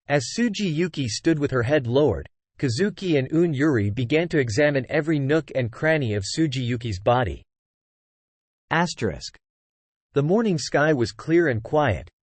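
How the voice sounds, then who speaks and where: A man narrating a web novel in a plain, steady reading. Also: mid-range voice, no echo. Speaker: audiobook narrator.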